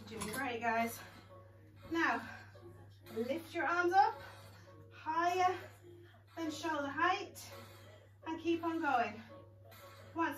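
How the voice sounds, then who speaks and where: A woman's voice: high voice, a bit bright. Upbeat woman coaching a class. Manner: upbeat, encouraging, counting reps with cheery whoops. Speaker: fitness instructor. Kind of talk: guided exercise class. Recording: echoey room, voice from a distance. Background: background music.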